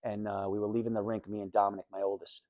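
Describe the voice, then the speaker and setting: Male guest speaker at a school, lowish voice, candid storytelling, dry close sound. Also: little pitch movement, fast, dark tone, dry recording. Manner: candid storytelling, plain and conversational. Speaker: guest speaker telling his life story. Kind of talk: personal talk to high school students. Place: school classroom.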